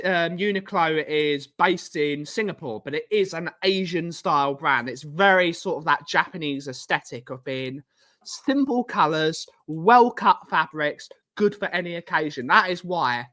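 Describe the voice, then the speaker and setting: A young man hosts a casual live stream, his voice bright and forward. He rambles from one thought to the next and answers viewers by name as their comments come in. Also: on the high side. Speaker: livestream host reading chat.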